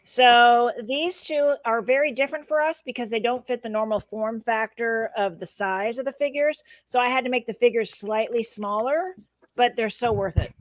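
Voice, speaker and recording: A woman's voice: on the high side, moderate pace, no room sound. A woman hosting a casual livestream chat, chatty and playful, thinking aloud with fillers. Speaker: host.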